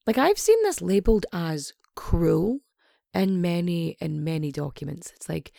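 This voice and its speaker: A woman's voice: fairly low pitch, sing-song, normal speed, gravelly, mellow, no room sound, studio quality. A young woman casually retelling a true crime story, sweary and sarcastic, with lots of asides.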